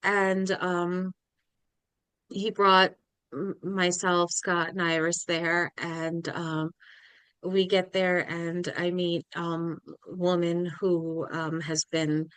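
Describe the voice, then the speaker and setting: A young woman guest on a podcast, telling a personal story in a halting, emotional way and acting out the people she quotes. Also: on the low side, level tone, fairly bright tone, clean tone, dry recording. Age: young adult. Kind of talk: casual interview storytelling.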